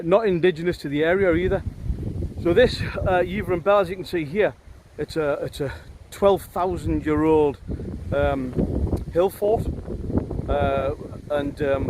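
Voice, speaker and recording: A middle-aged man talks casually to camera on a hike, rambling with lots of ums and uhs and some wry teasing of his companion. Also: on the high side. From Northumberland, England. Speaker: hiking vlogger. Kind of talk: casual walking commentary. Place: windy open hillside outdoors. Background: wind and background music.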